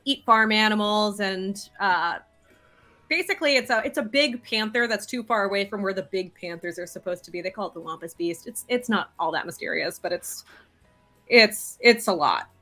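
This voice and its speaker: A woman running a tabletop game, relaxed and upbeat, narrating with fillers. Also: mid-range voice, moderate pace, faint music behind. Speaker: game master.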